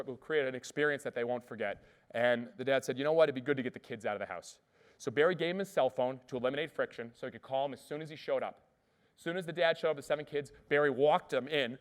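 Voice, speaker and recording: A man giving an energetic motivational keynote on stage, telling stories and checking in with the audience. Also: medium pitch. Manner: energetic storytelling, often asks "all right?". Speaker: keynote speaker. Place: conference stage before an audience.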